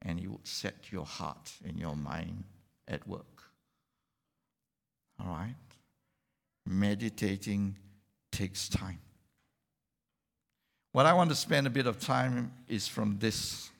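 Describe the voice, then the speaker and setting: A man delivers a sermon at an unhurried pace and asks the congregation questions as he goes. His voice has a gravelly edge. The sound carries a long hall reverb. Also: fairly low pitch, fairly bright tone. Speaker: preacher.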